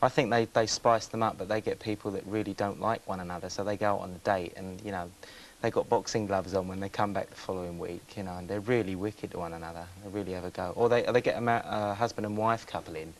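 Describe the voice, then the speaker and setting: Chatty man with a low voice. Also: steady tone, fast talker, hardly any pauses, low-quality recording. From England. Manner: chatty, rambling, self-interrupting. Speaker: guest. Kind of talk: casual chat. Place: breakfast TV studio. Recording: faint hiss from old VHS tape.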